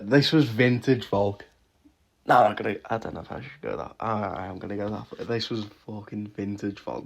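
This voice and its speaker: A man giving a casual, swear-heavy reaction rant about fights, with frequent laughs and quick restarts. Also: fairly low pitch, gravelly. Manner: swears constantly, laughs often, rants with restarts. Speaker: MMA reaction vlogger.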